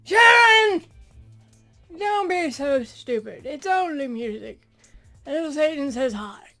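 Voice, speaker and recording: Woman putting on a shouty old British rock star man, slurring, slow, loud, high-pitched. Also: soft background music. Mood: scolding.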